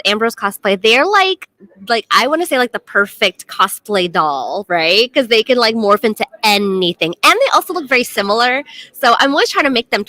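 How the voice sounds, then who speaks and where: A woman's voice: fairly high pitch, sharp tone, no echo. A woman hosting a casual convention panel chat, bubbly and teasing, laughing often.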